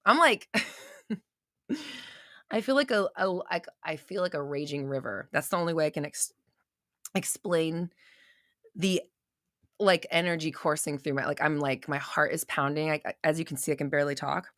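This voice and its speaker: A woman's voice: sits low, moderate pace, long pauses, a bit bright, no echo, clean studio sound. A young adult woman hosting a live coaching stream, chatting casually, swearing freely and reading viewer comments aloud.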